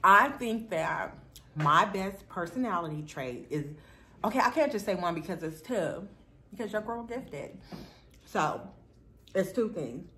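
A woman's voice: medium pitch, expressive, unhurried, bright, forceful tone, a little hiss or hum. A middle-aged woman chatting affectionately and playfully to camera as a vlogger. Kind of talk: casual chat to camera.

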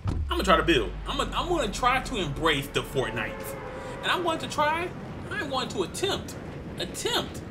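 A man giving jokey, excitable commentary while playing a video game, swinging from low mutters to loud shouts. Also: normal speed, background noise. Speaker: gaming channel host. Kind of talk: Let's Play commentary.

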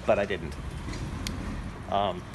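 With a deep, steady voice and a slow pace, a man vlogs a casual first-person story while walking around his apartment and building. He rambles plainly, using lots of fillers, and there's noise in the background.

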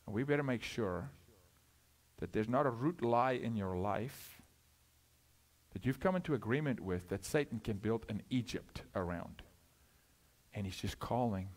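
A middle-aged man preaching a sermon, moving from loud urgent calls to hushed asides, asking questions and acting out short exchanges. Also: mid-range voice, lively intonation, measured pace, long pauses. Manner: asks questions, acts out dialogue. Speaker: guest preacher.

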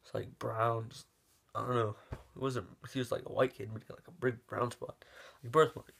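A young man tells a story straight to camera in a loose, rambling way. He keeps circling back with "like" and restarts, and he acts out the moves with his hands as he goes. His voice sits at an ordinary middle pitch for a man. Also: flat delivery, moderate pace, gravelly, fairly bright tone, slightly rough. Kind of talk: casual story time vlog.

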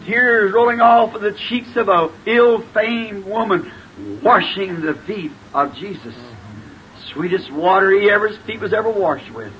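High-voiced fervent man preaching. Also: measured pace. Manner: fervent, emphatic, bursts into shouts. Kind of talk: sermon. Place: church before a responding congregation. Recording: dull old tape with faint hiss.

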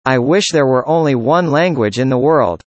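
Speaker reading practice dialogues, mid pitch. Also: animated, normal speed, a little mellow, no room sound. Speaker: dialogue reader. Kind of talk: scripted conversation practice.

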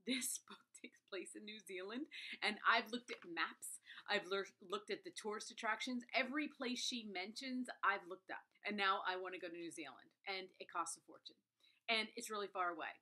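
A woman's voice: medium pitch, normal speed, bright, forceful tone. A woman reviewing a book in a casual vlog, gushing and chatty, with frequent asides and a habit of adding "okay?".

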